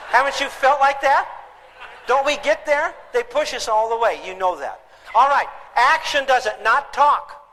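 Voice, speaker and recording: A man giving a humorous parenting seminar, talking in an animated, theatrical way. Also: very high-pitched, moderate pace, in a large hall, low-quality recording. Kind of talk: humorous live seminar talk. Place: lecture hall with an audience.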